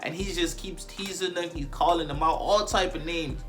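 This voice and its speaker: A man hosting a casual webtoon review, loose and slangy with constant filler asides. His voice sits a bit high for a man, and soft music plays low behind him. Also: moderate pace. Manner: slang-heavy, animated, keeps saying "you know what I'm saying".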